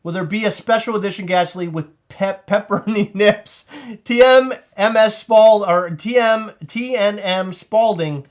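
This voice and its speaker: A high-pitched man with a Maryland accent hosts a casual live chat. He talks in an excitable, rambling way and breaks into laughter often. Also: a little slow, few pauses. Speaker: host.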